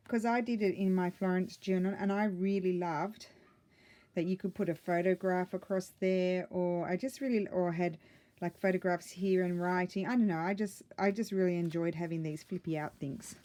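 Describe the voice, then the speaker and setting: A woman chatting casually and excitedly as she flips through a handmade journal, rambling with many ums and self-corrections, a little out of breath. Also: on the low side. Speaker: craft vlogger.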